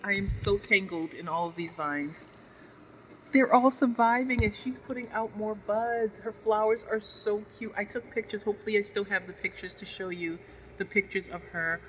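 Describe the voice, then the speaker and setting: A woman's voice: medium pitch, normal speed, slight background noise, poor audio. A woman vlogging a casual tour of her greenhouse, gushing affectionately and talking to her plants as she walks around with a handheld phone.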